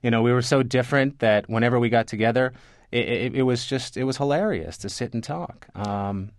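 A man, a newspaper reporter, telling anecdotes in a relaxed interview, full of restarts, fillers and repeated words. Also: mid-range voice, a little fast, no echo, clean studio sound. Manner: rambling, many restarts and fillers. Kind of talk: conversational interview storytelling.

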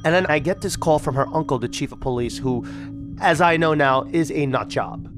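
A man in his thirties tells a story from his own life, his voice sitting a bit high for a man. He talks with animation and slips into the voices of the people he describes. Light music plays softly behind him. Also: a little fast. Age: 30s. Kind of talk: first-person storytelling.

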